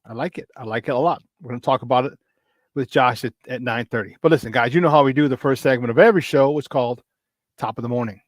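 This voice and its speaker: A man hosting a casual morning sports talk show, hyped up and shouting out viewers by name, then dropping into low, tired muttering. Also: fast, no room sound, clean studio sound. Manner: swings between loud excitement and low, tired muttering.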